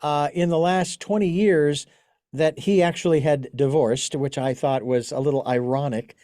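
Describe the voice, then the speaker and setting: A man's voice: a little high, fairly even intonation, normal speed, warm tone, no room sound, studio quality. A man hosting an interview, telling long anecdotes in casual chat with many restarts and fillers. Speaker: podcast host.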